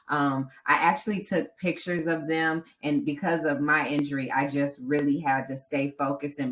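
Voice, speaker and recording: A woman with a low voice tells a story on a casual podcast. She is animated and brings in the voices of the people she met along the way. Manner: animated storytelling, acting out other people's lines. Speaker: podcast co-host and marathon runner.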